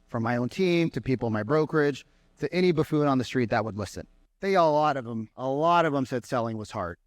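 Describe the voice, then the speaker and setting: A man speaking as a sales trainer to a live audience, energetic and mocking as he acts out callers. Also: mid-range voice, brisk, dry recording. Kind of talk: keynote talk to a live audience. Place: conference room with an audience.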